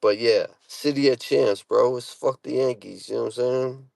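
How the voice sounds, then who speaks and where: A man's voice: medium pitch, moderate pace, vocal fry, a little mellow, dry recording. A man with a Boston accent, a rapper casually telling stories to his viewers and answering comments in blunt street slang with heavy swearing.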